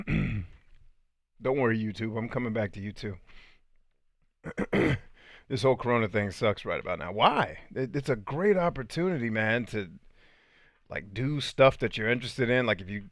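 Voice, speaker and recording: A man's voice: mid-range voice, lively intonation, normal speed, long pauses, no echo. Laid-back slangy man, dry close sound. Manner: laid-back, slangy, clears throat often. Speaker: livestream host answering viewer comments. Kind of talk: casual livestream chat.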